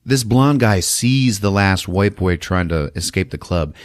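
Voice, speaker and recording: Male podcast host, low and very expressive, loud comic recaps with sound effects, dry close mic. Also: a little slow, dry recording. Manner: laughs often, acts out scenes with sound effects. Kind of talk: animated comedic movie recap.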